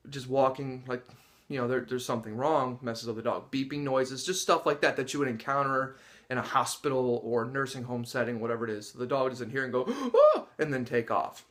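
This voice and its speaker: A dog trainer with a mid-range, fairly bright voice talks to the camera in a casual, instructional way about training and testing dogs. He plays out dogs' and people's reactions, gasping and laughing along.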